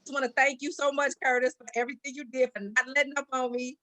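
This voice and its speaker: Brief: Detroit woman, community leader, storytelling testimonial, bright dry voice. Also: high voice, little pitch movement, fast talker, dry recording. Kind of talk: casual testimonial.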